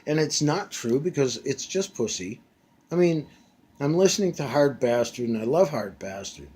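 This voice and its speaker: A man's voice: mid-range voice, animated, moderate pace, a little mellow, husky. A man in his fifties ranting casually from a back bedroom at home, blunt and profane, with many fillers. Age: 50s. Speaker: vlogger.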